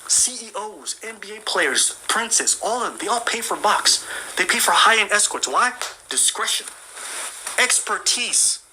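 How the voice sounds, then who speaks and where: A man's voice: high voice, lively intonation, a little slow, bright, forceful tone, rough recording. A man delivering a profane, mocking comedic rant as a commentator.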